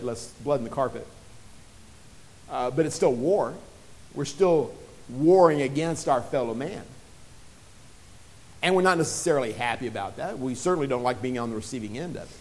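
Conversational man preaching a sermon, a bit higher voice. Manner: conversational, with frequent restarts and acted-out quotes.

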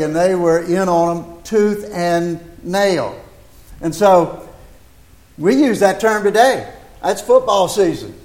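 A man's voice: high voice, darkish tone. An older American man preaching a folksy sermon in a church, talking chattily into a microphone and asking rhetorical questions. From United States.

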